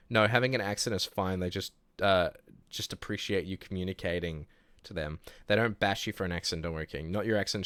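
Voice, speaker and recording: Low-voiced young man with a New Zealand accent. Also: no echo. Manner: relaxed and chatty, laughs easily, trails off and restarts. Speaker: streamer. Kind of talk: casual livestream chat, reading chat aloud.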